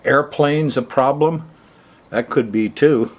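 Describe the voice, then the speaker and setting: A male astrology host talks straight to the viewer in a loose, chatty monologue. His voice sits at an ordinary middle pitch. He chuckles often and wanders off into side remarks. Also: slow. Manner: chuckling, chatty, rambling asides. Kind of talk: casual monologue to camera. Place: Hawaii.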